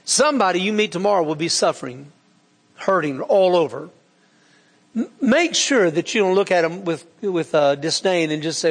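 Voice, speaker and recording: A man's voice: high voice, animated, moderate pace. A man preaching a sermon in a folksy, earnest way, with frequent fillers and restarts. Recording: long hall reverb.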